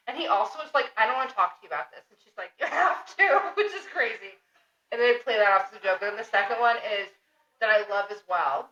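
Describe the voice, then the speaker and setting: A young woman co-hosting a podcast, recapping a comic in animated, casual talk, laughing and swearing freely. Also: mid-range voice. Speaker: podcast co-host. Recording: roomy, distant, dull lo-fi sound.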